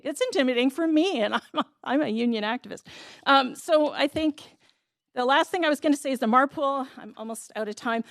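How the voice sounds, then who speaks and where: A woman's voice: a little high, fast, no room sound, clean studio sound. Impassioned woman pleading at a council hearing. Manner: impassioned and pleading, with brief laughs. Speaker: speaker at a public hearing. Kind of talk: public comment at a council hearing. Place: city council chamber.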